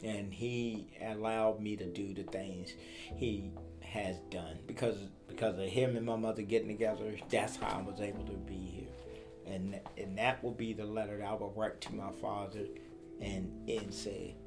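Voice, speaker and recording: A man being interviewed, speaking a heartfelt letter to his late father in a slow, earnest, reflective way. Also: on the low side, level tone. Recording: music playing under the voice.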